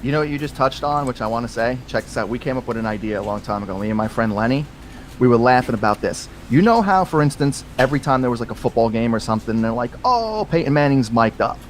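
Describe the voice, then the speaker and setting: A man's voice: medium pitch, fast talker, slight background noise, poor audio. Opinionated man ranting on a podcast. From United States. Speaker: podcast co-host. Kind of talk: casual sports chat.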